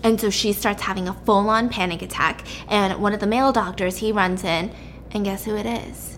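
A woman's voice: mid-range voice, fairly even intonation, normal speed, a bit bright, a little hiss or hum. A young woman casually recapping a story in a chatty way, with many fillers.

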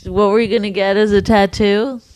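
A woman's voice: medium pitch, level tone, fairly quick, a little mellow, clear, resonant tone, dry recording. A young woman co-hosting a podcast in casual chat, teasing and sarcastic, often sounding bored. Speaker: podcast co-host.

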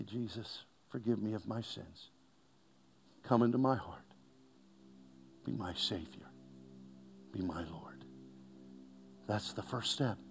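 A man preaching a sermon, calling out questions to the congregation and swinging between loud exhortation and hushed, near-whispered lines. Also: medium pitch.

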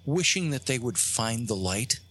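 A man, a guest on a talk show, telling a rambling personal story with many pauses and restarts, acting out the lines of the people in it. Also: mid-range voice, very animated, a bit bright, husky. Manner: halting, many fillers and restarts, acts out quotes.

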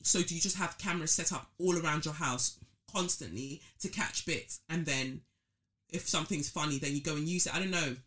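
Bright-voiced woman musing aloud. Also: low-pitched, brisk. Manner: reflective, thinking aloud with many fillers. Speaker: podcast host. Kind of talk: casual solo commentary.

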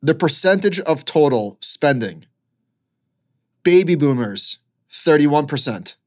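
A man's voice: on the high side, expressive, takes it slowly. Easygoing man co-hosting a money podcast. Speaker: podcast co-host. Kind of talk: casual finance chat.

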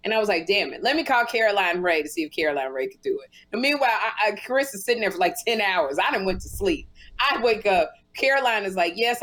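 A woman co-hosting a podcast, telling a story with lively energy and acting out both sides of each conversation, in casual speech. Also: medium pitch. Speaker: podcast co-host.

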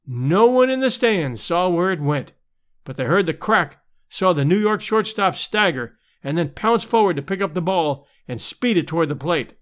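A man narrating a vintage sports story as an audiobook reader, telling it expressively and giving the crowd's shouts their own voices. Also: sits high, lively intonation, moderate pace. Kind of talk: dramatic scripted narration.

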